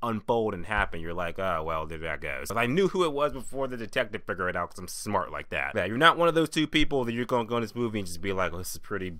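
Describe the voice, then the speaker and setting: A man's voice: lowish voice, very animated, fast talker, few pauses, bright, forceful tone, no room sound. A man giving a casual, rambling movie review vlog, swearing and joking as he goes. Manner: rambling, profane, jokey.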